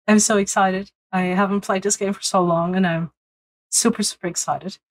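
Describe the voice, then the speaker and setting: A young woman live-streaming a game, chatting bubbly and excitedly with her viewers. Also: fairly low pitch, rough recording. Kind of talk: live-stream gaming chat.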